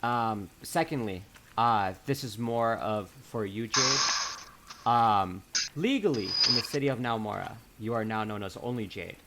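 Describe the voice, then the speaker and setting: A man narrating as game master in a tabletop game, casual and halting, with many fillers. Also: fairly low pitch, heavy background noise. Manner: casual, halting with fillers, reads letters aloud.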